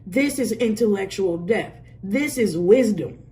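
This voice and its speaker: Lively, blunt woman reading tarot. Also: medium pitch, unhurried. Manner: animated, blunt and profane, laughs often. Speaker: tarot reader. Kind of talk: casual spoken tarot reading.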